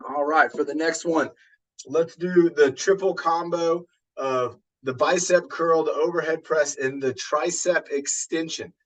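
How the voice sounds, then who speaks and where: A man coaching a gentle workout, upbeat and encouraging as he calls out each move. His voice sits a little high for a man. He sounds set back from the microphone. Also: measured pace, distant mic, poor audio. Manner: upbeat, encouraging, talks through moves while exercising. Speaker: fitness instructor. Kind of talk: guided workout instruction.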